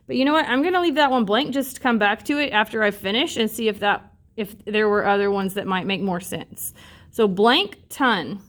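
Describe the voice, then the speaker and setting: A woman's voice: mid-range voice, lively intonation, normal speed. A woman teacher leading a phonics lesson, patiently sounding out words syllable by syllable.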